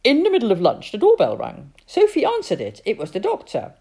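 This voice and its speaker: A woman reading a children's story aloud in an expressive, lively way. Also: medium pitch, brisk, gravelly, slightly rough. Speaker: narrator.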